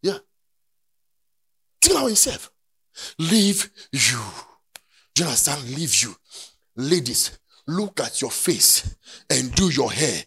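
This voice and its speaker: A man preaching a sermon, dropping to quiet talk and then rising to shouted, sing-song preaching. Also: fairly high pitch, big pitch swings, slow, pauses often, husky.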